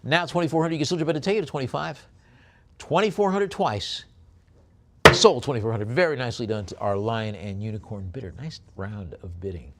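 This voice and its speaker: A man working as an auctioneer, calling bids in a brisk rhythmic chant and adding chatty asides about the lots. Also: animated. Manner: drops low and soft on a coaxing "please". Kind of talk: live auction bid calling.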